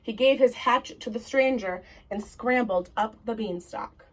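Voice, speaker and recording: A woman reading a children's story aloud in an expressive, deliberate way. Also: fairly high pitch, poor audio.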